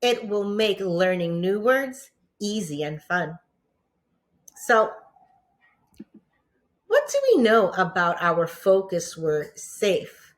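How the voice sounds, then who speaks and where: A woman teacher with a New York accent giving a patient lesson to young children, pausing for answers and praising them often. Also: mid-range voice, lively intonation. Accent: New York English. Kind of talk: slow, encouraging classroom lesson for young children.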